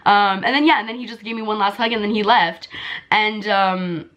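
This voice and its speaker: A young woman vlogger telling a story in casual, filler-heavy chat, her voice jumping high when she relives excitement. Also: normal speed, dull audio. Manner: chatty, full of "like" and "um" fillers.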